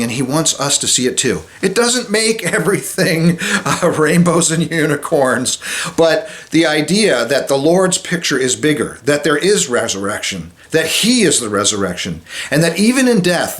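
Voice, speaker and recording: A man speaking as a chaplain, giving an informal devotional talk in a conversational way that drops soft and low at solemn moments. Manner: conversational, with many restarts and fillers.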